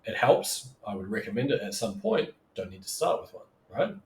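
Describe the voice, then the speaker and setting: A man's voice: lowish voice, big pitch swings, moderate pace, roomy sound, poor audio. A man coaching on online marketing in a loose, chatty monologue, often checking in with "right?" and acting out what customers might say. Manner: loose and chatty, keeps asking "right?", acts out customers' voices. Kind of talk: casual teaching monologue.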